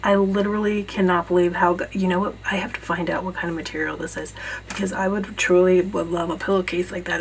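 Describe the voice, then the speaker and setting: A woman vlogger gushing over gifts in a casual unboxing video, bursting with excitement and often dropping to a hushed voice. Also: on the low side, a little fast, background noise. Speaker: beauty vlogger. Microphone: camera mic.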